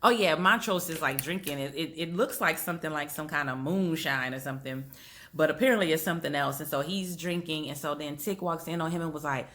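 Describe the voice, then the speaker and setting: A woman's voice: sits low, brisk, fairly bright tone. A woman chatting casually through a TV episode recap, animatedly acting out the characters' lines. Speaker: recap host.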